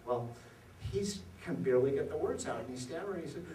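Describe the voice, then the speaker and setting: Animated male economist in an echoey hall. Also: mid-range voice, quick pace, recorded from a distance, slight background noise. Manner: animated storyteller, rhetorical questions to the audience. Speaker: economist giving a dinner speech. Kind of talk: after-dinner policy speech with jokes. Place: event hall at a reception.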